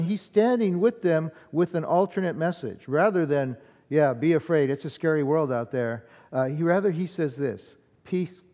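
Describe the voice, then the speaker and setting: A man's voice: on the high side, warm tone, in a large hall. A man preaching a sermon as pastor, earnest and conversational, often restarting his phrases with fillers.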